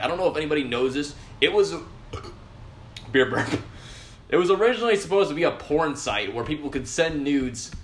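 A young man hosting a casual show, ranting loudly and swearing constantly, with sudden jumps in pitch. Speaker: podcast host.

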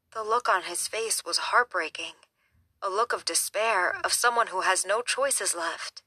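A woman reading a novel aloud in a steady, measured storytelling manner. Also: mid-range voice, breathy edge, dry recording. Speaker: audiobook narrator. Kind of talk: scripted narration.

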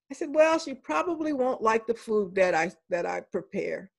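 An older woman with a slightly high voice tells stories from her teaching life in a relaxed interview. She is animated and slips into the voices of children and teachers as she goes. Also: normal speed, gravelly, hardly any pauses. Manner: animated anecdotes, voices the people she quotes. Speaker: professor and interview guest. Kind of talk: storytelling in a conversational interview.

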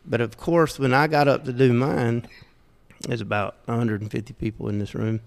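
A man's voice: medium pitch, steady tone, normal speed, creaky. A middle-aged man from Southeast Georgia with a Southern accent, telling folksy, self-deprecating stories in casual talk and chuckling often. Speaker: podcast guest. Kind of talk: casual storytelling. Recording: roomy with long reverb.

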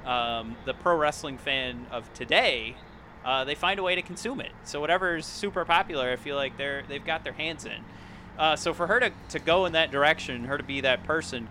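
A man's voice: medium pitch, pushed and bright, a little hiss or hum. A man co-hosting a podcast in casual chat, rambling and searching for words as he goes. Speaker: podcast co-host.

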